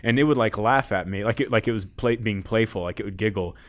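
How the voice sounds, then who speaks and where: A man as a podcast guest, telling a long story in a loose, animated way, laughing often and leaning on "like". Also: lowish voice, quick pace. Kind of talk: casual storytelling.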